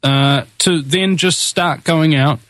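A man's voice: a little high, takes it slowly, fairly bright tone, no echo. A man hosting a talk radio show, fervent and rallying, with frequent hesitations and restarts. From New Zealand. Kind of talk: impassioned talk radio commentary.

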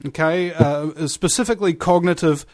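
A man co-hosting a political talk show, telling stories and making points insistently. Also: moderate pace. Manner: animated, insistent, rising pitch when stressing. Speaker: podcast co-host.

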